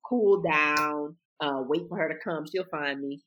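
A woman's voice: low-pitched, a little slow, a bit bright, dull audio, slight background noise. A woman guest chatting casually and laughing as she recalls a story on a podcast.

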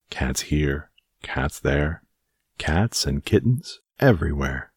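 A man hosting and narrating a bedtime story podcast, reading in a slow, soothing, measured way. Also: a bass voice, animated, slightly rough, dry recording, studio quality.

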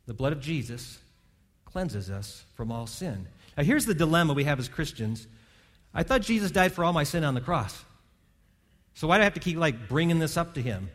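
A man's voice: on the high side, very animated, moderate pace, a bit bright. A man preaching a sermon from a church stage, earnest and conversational, often restarting his words. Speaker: pastor. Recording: long hall reverb.

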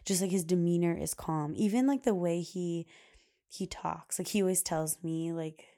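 A woman's voice: fairly low pitch, normal speed, warm tone. A young adult woman hosting a podcast, talking casually and chattily with lots of fillers and frequent laughs. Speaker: podcast host. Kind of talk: casual solo podcast talk.

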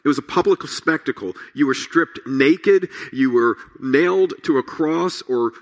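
A man preaching a sermon, reading scripture and praying in an earnest, measured way. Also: fairly high pitch. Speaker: pastor.

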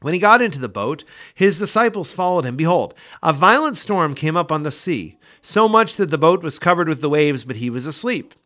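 A man reading Bible passages aloud for a daily scripture podcast, in a measured, expressive way. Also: on the high side. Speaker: scripture reader.

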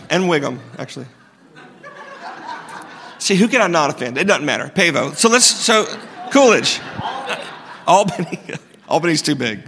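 A pastor preaching in a big church hall, his slightly high voice catching into a gravelly fry. He keeps it conversational, teasing the congregation and asking them question after question, and the sound rings with a long hall echo. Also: animated, a little slow, long pauses, bright, forceful tone, a little hiss or hum. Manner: conversational, joking with the congregation, many rhetorical questions. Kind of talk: sermon.

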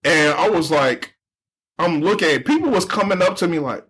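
Animated young man telling a story. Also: fairly high pitch, moderate pace, slightly rough. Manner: animated storyteller, slangy, acts out quoted people. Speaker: podcast co-host. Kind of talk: casual storytelling chat.

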